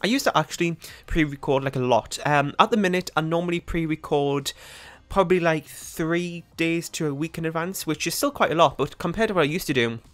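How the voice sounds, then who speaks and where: A young British man talks his viewers through a game build in a loose, rambling way, full of ums and likes. His voice sits a little higher than most men's. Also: a little fast, fairly bright tone. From United Kingdom. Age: young adult. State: out of breath. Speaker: gaming YouTuber. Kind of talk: casual commentary over a speed build.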